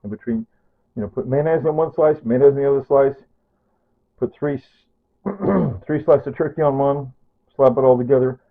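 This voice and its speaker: A man with a husky voice talks casually through his home cooking, circling back and correcting himself as he rambles. The sound is tinny and phone-like. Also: medium pitch, moderate pace. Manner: chatty, repeats himself, self-correcting. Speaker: cooking vlogger. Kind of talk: rambling casual kitchen talk.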